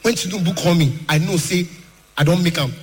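A man with a Nigerian accent doing stand-up comedy, telling stories lively and acting out voices. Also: high-pitched, fast, husky. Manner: lively storytelling, mixing pidgin, acting out voices. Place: large hall, live audience. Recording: echoey hall, faint noise.

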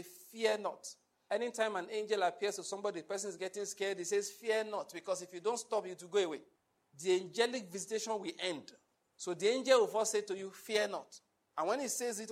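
High-voiced preacher, emphatic. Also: male voice. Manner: emphatic preaching, rhetorical questions. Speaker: pastor. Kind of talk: sermon.

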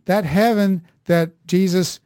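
A man's voice: sits high, fairly even intonation, slow, mellow, no room sound, studio quality. A man who is a priest, talking about faith in a rambling, thinking-aloud way with many restarts. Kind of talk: conversational faith talk.

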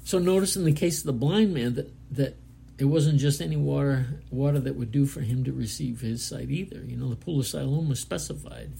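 Gravelly preacher man reading scripture. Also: medium pitch, mellow. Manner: casual, halting explanation with fillers between readings. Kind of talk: Bible study sermon, reading scripture and commenting.

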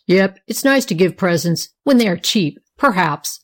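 A woman's voice: on the low side, animated, unhurried. A woman reading an audiobook voices Wilfred, a smug boy of nearly nine, in a teasing, matter-of-fact way.

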